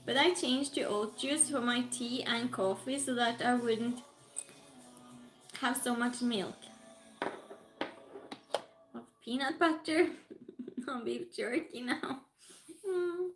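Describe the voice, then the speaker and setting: This is a woman livestreaming from home, unhurried and relaxed, with a high voice and a Norwegian-flavored British accent. She reads viewers' comments aloud and greets each person by turn, while her voice reverberates around the room above faint music.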